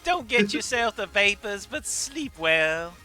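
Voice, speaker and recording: A folksy Southern ship commander, played by a man who drawls in a high, sharp voice and teases everyone with pet names. The put-on Southern accent is broad and playful, with faint music in the background. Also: very animated, takes it slowly, heavily acted. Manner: folksy, teasing, pet names like sugar cube.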